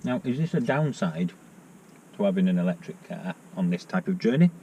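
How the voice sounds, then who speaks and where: An English vlogger chats casually outdoors by a car charger, joking and laughing often. His low, dark voice has lively intonation and a slightly fast pace, and the recording is noisy with traffic.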